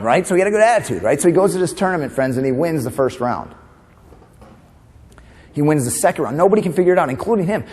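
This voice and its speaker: A man's voice: fairly high pitch, animated, quick pace, darkish tone. A man from New York giving a humorous motivational keynote, talking conversationally and quizzing the audience with "right?". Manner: conversational, asks the audience questions, tag "right?". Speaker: motivational speaker. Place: large conference hall. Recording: long reverb of a conference hall.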